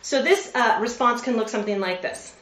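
A woman in her forties, a veterinarian, giving an animated motivational presentation and often checking in with her listeners. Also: fairly high pitch, fairly quick. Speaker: veterinarian and public speaker. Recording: roomy sound from a distant mic.

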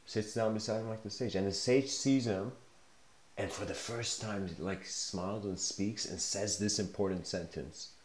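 Deep-voiced man lecturing in an echoey room. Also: fairly even intonation, normal speed, slight background noise. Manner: rambling, filler-heavy, laughs often. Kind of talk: casual spoken lecture, storytelling.

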